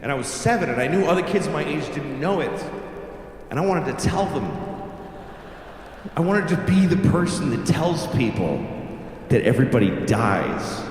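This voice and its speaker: A man's voice: on the high side, expressive, normal speed, pauses often, darkish tone, slight background noise. A man in his late forties doing stand-up, telling a blunt, profane childhood story in a conversational way to a live room. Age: late 40s. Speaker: stand-up comedian. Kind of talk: stand-up comedy. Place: live comedy theater. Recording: echoey hall with faint ambience.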